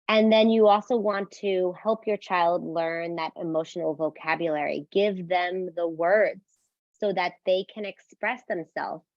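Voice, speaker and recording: Woman, parenting educator, instructional talk, calm explaining, dry close sound, slightly muffled. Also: lowish voice, dry recording. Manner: explains calmly, asks "right?", acts out sample phrases for parents.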